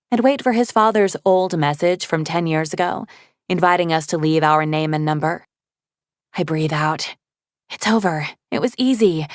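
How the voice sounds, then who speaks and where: A woman reading a first-person romance audiobook, expressive and voicing the dialogue herself. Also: fairly low pitch, dry recording, studio quality. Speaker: audiobook narrator.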